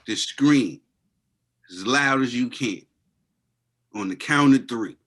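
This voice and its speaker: A man's voice: medium pitch, slow, fairly bright tone. A man co-hosting a boxing podcast, chatting casually with playful catchphrases and call-outs to viewers. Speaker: podcast co-host. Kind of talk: casual chat reacting to a documentary.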